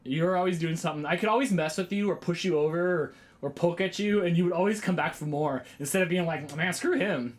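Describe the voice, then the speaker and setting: Excitable man rambling on a livestream. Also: fairly high pitch, quick pace. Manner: rambling, excitable, often exclaims. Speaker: vlogger hosting a livestream. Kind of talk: casual livestream chat with viewers.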